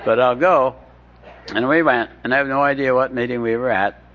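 A man recounts his own story in a wry, self-deprecating way, halting and restarting as he goes. His voice sits at a middling pitch. The recording sounds dull and lo-fi with a faint hiss underneath. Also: fairly even intonation. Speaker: speaker sharing his recovery story. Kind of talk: humorous storytelling talk.

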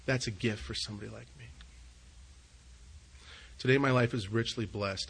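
A middle-aged man giving an earnest, confessional personal testimony at a recovery meeting, swinging between hushed and loud moments. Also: medium pitch, fairly even intonation, normal speed, vocal fry, long pauses, husky, rough recording.

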